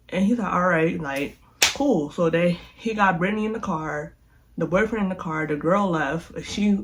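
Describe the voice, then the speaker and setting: Animated young adult telling a story. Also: mid-range voice. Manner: animated, slangy, with lots of filler sounds. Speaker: vlogger. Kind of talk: casual storytime vlog.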